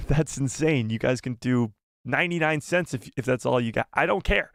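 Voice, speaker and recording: A man hosting a casual live stream, talking in an excitable, exclamatory way and reading viewer donations. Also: mid-range voice, normal speed, vocal fry, dry recording, clean studio sound.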